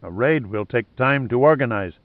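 A man reading a loyal male subordinate who gives measured, deferential reports. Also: medium pitch, expressive, dry recording, close to an everyday voice. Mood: dutiful. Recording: narrow phone-like sound.

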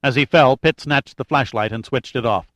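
A man narrating an adventure audiobook in a steady, measured way with light drama. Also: mid-range voice, no room sound. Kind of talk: scripted narration.

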